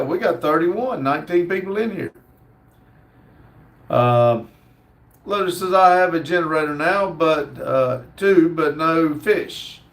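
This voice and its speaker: Man slowly reading chat comments. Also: a little high. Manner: slow, halting reading with fillers. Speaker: livestream host. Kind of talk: casual livestream chat, reading viewer comments.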